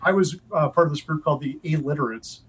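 A man's voice: a little high, quick pace, husky, rough recording. Guest author, man in his 40s, from Wisconsin, easygoing and chatty. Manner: relaxed, chatty storyteller. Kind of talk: casual interview.

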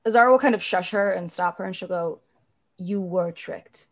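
A woman's voice: medium pitch, quick pace, lo-fi sound. A woman playing a tabletop game, describing her character's actions. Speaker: player.

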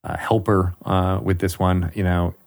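A man's voice: sits low, level tone, a little slow. A man hosting a podcast in casual chat, friendly and rambling with many fillers. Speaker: podcast host.

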